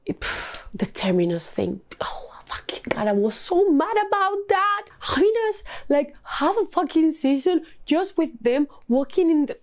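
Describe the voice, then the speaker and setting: A young woman reviewing graphic novels in a casual vlog, animated and swearing a lot as she rants. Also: high voice. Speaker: book vlogger.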